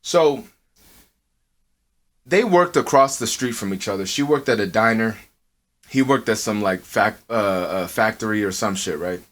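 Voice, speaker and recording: A man co-hosting a podcast, telling a story in casual, profanity-heavy talk, acting out quotes in a high voice. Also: a little slow, long pauses. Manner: swears a lot, animated, acts out quotes in a high voice. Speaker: podcast co-host. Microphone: earphones with mic.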